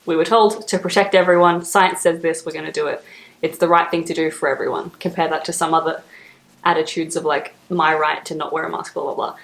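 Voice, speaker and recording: A young Australian woman chatting casually to camera as a vlogger, laughing often and filling pauses with "like". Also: sits low, fairly even intonation, gravelly, a bit bright, roomy sound.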